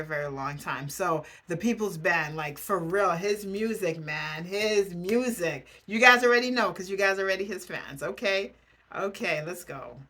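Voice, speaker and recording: A woman's voice: lowish voice, a bit bright. A woman hosting a reaction video, chatting casually with her viewers. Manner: chatty, addresses viewers as family.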